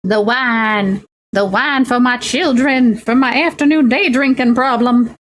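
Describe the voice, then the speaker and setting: A woman's voice: fairly high pitch, measured pace. A young woman streaming as she builds miniatures, chatting playfully and making silly sing-song noises. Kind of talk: casual chat while crafting miniatures.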